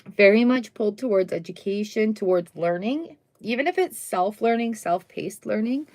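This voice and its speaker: A woman's voice: mid-range voice, expressive, normal speed, darkish tone. A middle-aged woman doing a casual, chatty tarot reading on a live stream, full of upbeat exclamations. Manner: chatty, upbeat, exclamations and little sung bits.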